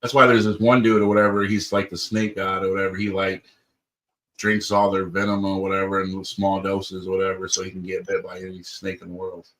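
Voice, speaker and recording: A man with a very low voice chats casually on a livestream. He rambles through his stories and scatters loose fillers throughout. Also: little pitch movement, brisk, a bit bright, rough recording. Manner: rambling, with many fillers like "or whatever". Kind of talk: casual chat.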